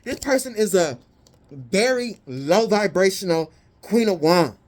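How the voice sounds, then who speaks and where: A woman giving a casual tarot reading, blunt, profane and sassy, with animated indignant peaks. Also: mid-range voice, a little slow. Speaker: tarot reader.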